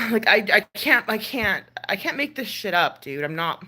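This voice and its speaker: A woman's voice: mid-range voice, very animated, normal speed, pushed and bright, slightly rough. A woman ranting casually on a stream, exasperated and full of sighs, fillers and swearing. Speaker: ASMR creator ranting on a live stream. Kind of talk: casual rant.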